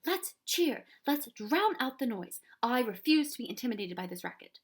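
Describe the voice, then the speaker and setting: A woman's voice: fairly high pitch, big pitch swings, moderate pace, slightly rough. A woman voicing a kindly, fussy older male professor in a storybook reading, with old-fashioned exclamations. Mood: rousing.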